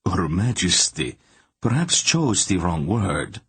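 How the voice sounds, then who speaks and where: A man's voice: low voice, sing-song, slow pace, a bit bright, no echo, exaggerated voice. Man reading a wry, diplomatic king. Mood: placating. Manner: smooth, placating.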